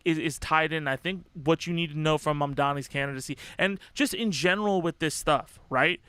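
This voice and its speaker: Young male streamer, high bright voice, sweary and fired up, dry close sound, casual rambling delivery. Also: no room sound. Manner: profane, impassioned, rambling with restarts. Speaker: livestream host. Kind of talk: casual livestream commentary.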